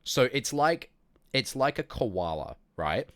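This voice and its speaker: A man's voice: mid-range voice, sing-song, takes it slowly, dry recording, studio quality. A man hosting a live stream, chatting casually and reading viewer messages, rambling and joking with lots of fillers. He says he is sick. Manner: rambling, jokey, many fillers and restarts. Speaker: livestream host.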